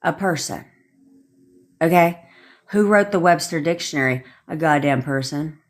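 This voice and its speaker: Woman on a live stream, lowish voice, salty and emphatic, lectures her audience like a no-nonsense coach. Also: unhurried. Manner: blunt and profane, emphatic; repeats points for emphasis, frequent "okay?". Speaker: manifestation coach. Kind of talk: livestream rant.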